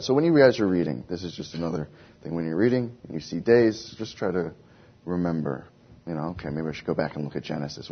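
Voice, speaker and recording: In a dull lo-fi recording, a man with a bass voice and a breathy edge teaches an informal Bible lesson. He keeps it conversational, often quizzing his listeners.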